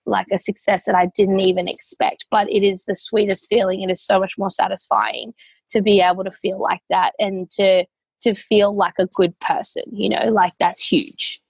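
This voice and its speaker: A young Australian woman speaking as a podcast guest, pouring out her story with heartfelt feeling and a stream of casual fillers. Her voice sits at an ordinary middle pitch for a woman. The sound is dry and close, with no room echo. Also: flat delivery, moderate pace, gravelly, breathy edge. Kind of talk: casual interview.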